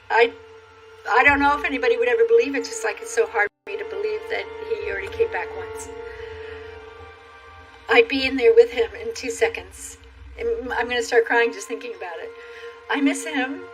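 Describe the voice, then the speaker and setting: Heartfelt, halting woman with soft music. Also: fairly high pitch, low-quality recording. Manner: heartfelt, halting, repeats words. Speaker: interviewee recounting an encounter. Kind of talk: emotional documentary testimony.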